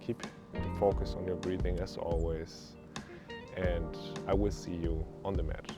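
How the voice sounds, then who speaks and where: A young man with a German accent leading a guided stretching class in a calm, easygoing way with small joking asides. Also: low voice, a little slow, loud music behind the voice. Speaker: yoga instructor.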